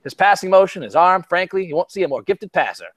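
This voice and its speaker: A man's voice: sits high, expressive, fast talker, a bit bright, no room sound, voice pushed up. A blustery older football team owner with a put-on Southern drawl, as a man plays him in a podcast bit. He gushes with mock-serious praise in a slightly raised voice, and the sound is close and dry. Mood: mock earnest.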